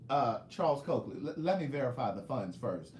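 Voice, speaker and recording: A man's voice: mid-range voice, very animated, fairly quick, darkish tone, echoey room, a little hiss or hum. A man hosting a casual livestream, reading viewer comments and playfully calling viewers "niece". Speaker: livestream host and author selling his books.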